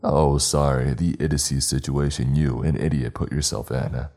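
Gruff older male monster hunter, stern and booming, deep mellow tone; narrator puts him on. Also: fairly even intonation, normal speed, soft background music. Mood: mocking.

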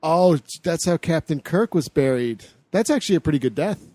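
High lively man, deadpan jokes. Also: normal speed, no echo. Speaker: podcast co-host. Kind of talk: casual movie chat.

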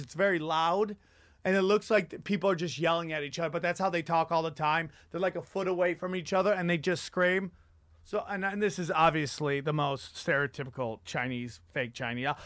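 Guy with a high voice doing a sweary comic rant on his podcast, dry close sound. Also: fairly quick, no echo. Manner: animated, profane storytelling. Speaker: podcast host.

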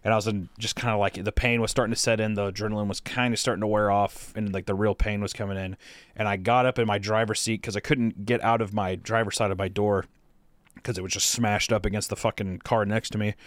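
A man's voice: on the low side, steady tone, quick pace, dry recording. A young man co-hosting a podcast, telling a long story in a casual, rambling way with lots of fillers and swearing. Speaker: podcast co-host.

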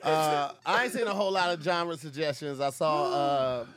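A man's voice: a little high, moderate pace, crowd noise. A man co-hosting a podcast, chatting casually in laid-back, profane slang. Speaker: podcast co-host. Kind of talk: casual chat.

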